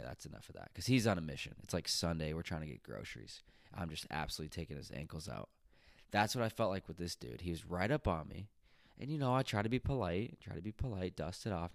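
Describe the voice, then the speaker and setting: A low-pitched man hosts a solo podcast and talks loosely and conversationally. He meanders through his story with fillers and side comments. The sound is close and dry, with no room around it. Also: dry recording. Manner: chatty, rambling with fillers and asides. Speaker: podcast host.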